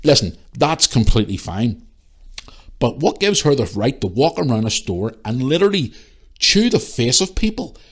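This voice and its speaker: A man telling a story on his own podcast in a loose, heated rant. His pitch swings widely and jumps high on exclamations. He swears constantly and sounds exasperated throughout. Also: big pitch swings, moderate pace, slightly rough. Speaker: podcast host.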